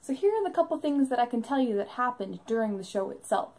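A woman's voice: on the high side, very animated, fast talker, a little mellow, poor audio. A young woman narrating an enthusiastic fan vlog about a live show she went to, in a bubbly storytelling manner.

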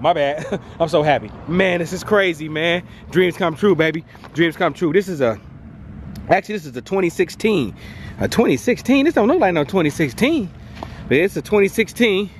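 A man with a fairly high voice shows off a car in an excited walkaround vlog. He keeps a slangy, hyped delivery full of rhyming wordplay and repeated catchphrases. He is outdoors at a dealership lot, with faint outdoor noise behind him. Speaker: car vlogger.

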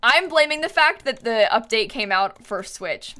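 A woman giving excitable live gaming stream commentary, swinging between panicked shrieks and quiet muttering. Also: a little high, normal speed.

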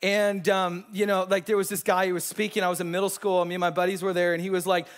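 A man preaching a sermon and telling personal testimonies in a casual, slangy, animated way. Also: high-pitched, fast. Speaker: pastor.

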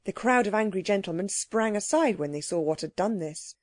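A woman narrating a children's audiobook with clear, expressive storytelling. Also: mid-range voice, a little fast, dry recording, studio quality.

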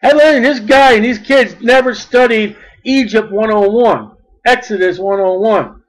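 High-voiced blunt preacher. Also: male voice, a little slow, rough recording. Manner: folksy, blunt, mocking, rising to shouts. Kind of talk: sermon.

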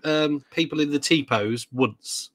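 A man's voice: a little high, takes it slowly, fairly bright tone, dry recording. A man co-hosting a gaming podcast, talking hesitantly with many ums and restarts and making joking asides. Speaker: podcast co-host. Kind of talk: casual chat.

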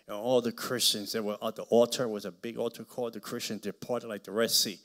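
A man preaching as a guest speaker, telling stories with dramatic swings from quiet murmurs to shouting. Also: fairly low pitch, flat delivery, fast talker, few pauses. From Hispanic American. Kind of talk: preaching with storytelling. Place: church hall.

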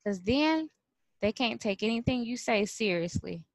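Woman, 30s, casual vlog storytelling, acts out voices, fairly high voice, dry close sound. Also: normal speed, no room sound. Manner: animated storyteller, acts out quotes, laughs often. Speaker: vlogger and former preschool teacher.

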